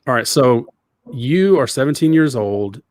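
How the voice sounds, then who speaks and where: A man's voice: medium pitch, lively intonation, measured pace, dry recording, studio quality. A middle-aged man from Georgia with a Southern accent, hosting a casual podcast interview in a rambling, folksy way full of fillers. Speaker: podcast host.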